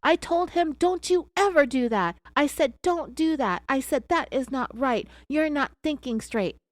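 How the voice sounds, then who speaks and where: An accused wife under questioning, played by the narrator herself screams her denials in a pitched-up, strained voice. She insists over and over. The recording is dry and close. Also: animated, a little slow, no echo. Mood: defensive, insistent. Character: defensive woman under interrogation, accused wife.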